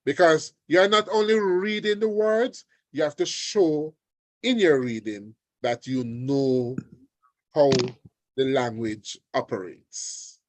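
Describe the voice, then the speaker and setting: A man teaching an online exam revision lesson, deliberate and often checking in with his students. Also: a little high, no echo. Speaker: language teacher. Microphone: video call.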